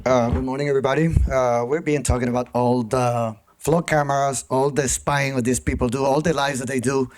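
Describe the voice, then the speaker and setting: A man's voice: medium pitch, fairly even intonation, a little fast, few pauses, a little hiss or hum, low-quality recording. A man giving a heated, accusatory public comment at a police commission meeting, speaking into a podium microphone in a meeting chamber. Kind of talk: angry public comment speech.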